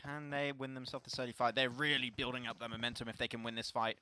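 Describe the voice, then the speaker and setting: A young man with a French accent, a French speaker commentating live on a mobile game tournament, playful and laughing easily, climbing into excited calls on big plays. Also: medium pitch, quick pace, slight background noise. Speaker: esports caster.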